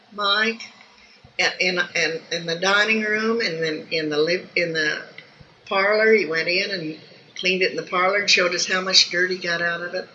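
A woman's voice: on the low side, fairly even intonation, unhurried, sharp tone. An older woman recalling her family life in an oral history interview, rambling and folksy, with many restarts. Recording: distant, echoey, dull and noisy home recording.

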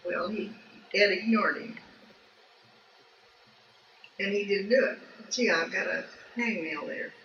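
A woman's voice: medium pitch, takes it slowly, long pauses, a bit bright. An older woman recalling her family life in an oral history interview, rambling and folksy, with many restarts. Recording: distant, echoey, dull and noisy home recording.

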